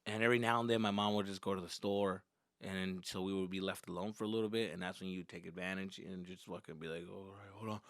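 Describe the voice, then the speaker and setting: A man's voice: sits low, fairly even intonation, quick pace, fairly bright tone. A male comedian telling casual, profane childhood stories and slipping into Spanish at times. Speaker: stand-up comedian. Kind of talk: comedic storytelling.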